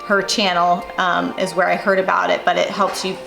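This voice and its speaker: A woman's voice: on the low side, moderate pace, vocal fry, soft background music. A woman hosting a home vlog, talking casually to camera in a chatty, rambling way with lots of fillers. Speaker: vlog host. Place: at home, in and out of doors. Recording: steady hiss under the voice.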